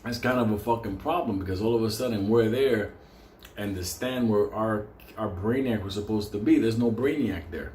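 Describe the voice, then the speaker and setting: A man's voice: lowish voice, normal speed, darkish tone. A man telling a profane, comedic story in a crude, rambling way, jumping into voices for the people in it. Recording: roomy sound with faint ambient noise.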